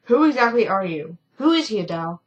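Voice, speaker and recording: A woman's voice: medium pitch, big pitch swings, brisk, muffled recording, close to an everyday voice. Indignant young woman passenger from a story game, put out and complaining, read by a woman.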